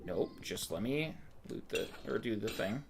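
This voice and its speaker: A man's voice: on the low side, lively intonation, measured pace, a little hiss or hum. A young man giving casual commentary while playing a video game, ranting and swearing in frustration. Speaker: let's play gamer.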